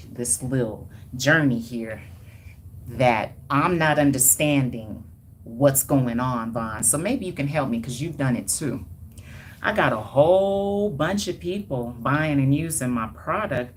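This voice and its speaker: A woman's voice: very deep voice, a little hiss or hum. A woman hair stylist talking casually and emphatically to viewers on a livestream, with sassy, colloquial asides and chuckles. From Denver, Colorado. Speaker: hair stylist and brand owner.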